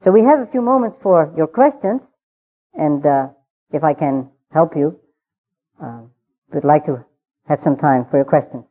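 A man giving a measured, verse-by-verse Bible study, pausing often and filling gaps with "uh". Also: on the high side. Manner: measured, unhurried, with frequent pauses and fillers. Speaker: Bible teacher. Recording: tinny phone-like sound.

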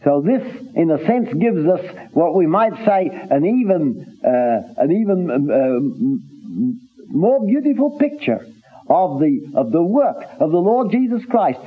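A man preaching a sermon in an earnest, halting way, with many restarts, reading scripture in old-fashioned phrasing. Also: fairly high pitch, very animated, husky. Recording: tinny phone-like recording.

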